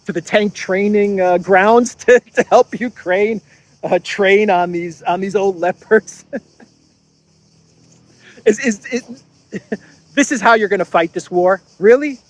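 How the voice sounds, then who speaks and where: A man's voice: high-pitched, takes it slowly, pauses often, no room sound. A man hosting casual political commentary, sarcastic, laughing at his own jokes and often repeating and restarting phrases. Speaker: host.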